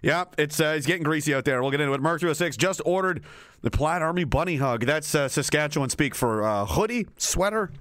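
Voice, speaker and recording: Lively, profane man hosting a livestream. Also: on the high side, a little fast, no echo, studio quality. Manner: laughs often, reads chat comments aloud, swears freely. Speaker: livestream show host. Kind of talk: profane, rambling livestream rant.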